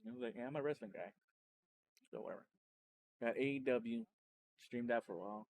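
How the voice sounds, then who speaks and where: A man, a streamer and podcast host, telling his story in a loose, rambling way, full of restarts and self-corrections, and getting animated when he retells exciting moments. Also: medium pitch, fairly quick. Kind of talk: casual personal storytelling.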